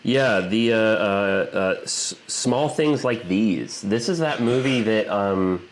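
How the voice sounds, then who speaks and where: A man with a low-pitched voice chatting about films on a podcast. He sounds enthusiastic and talkative, and he throws in quick jokes as he goes. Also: animated. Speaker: podcast co-host. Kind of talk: casual film chat.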